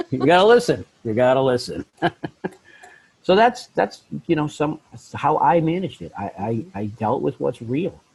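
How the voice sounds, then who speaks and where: Gravelly husky middle-aged guy on a podcast, blunt, lively, keeps laughing and doing little voices. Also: mid-range voice, unhurried, poor audio. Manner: animated, blunt, laughs often, acts out voices in his stories. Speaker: podcast guest. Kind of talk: candid conversational self-help talk.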